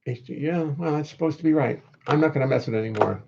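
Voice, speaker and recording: A man's voice: medium pitch, fast, vocal fry, noisy background. An older man hosting a home livestream, chatting casually and wryly reading out viewer comments. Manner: rambling, wry, reads viewer comments aloud. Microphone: computer audio input. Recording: dull lo-fi livestream audio.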